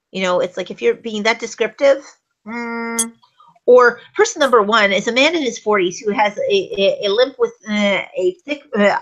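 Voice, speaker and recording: Brief: woman co-host, mid pitch, casual and explanatory, acts out examples. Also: a bit bright, rough recording. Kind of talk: casual talk show discussion.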